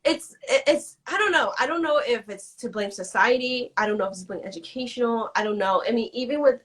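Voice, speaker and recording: A woman guest in a casual interview, talking in quick animated bursts and acting out quoted conversations. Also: on the high side, breathy edge. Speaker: guest, business strategist.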